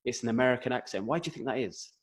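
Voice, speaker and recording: A man's voice: mid-range voice, very fast. A man co-hosting a podcast over a video call, joking around and asking curious questions. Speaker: podcast co-host. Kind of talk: casual podcast chat.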